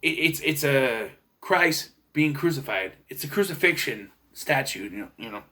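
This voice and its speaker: A man's voice: mid-range voice, expressive, normal speed, sharp tone, a little hiss or hum. A young man giving a casual, rambling movie review, often restarting and correcting himself. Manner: rambling, unsure, lots of restarts and self-corrections. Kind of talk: casual spoken film review.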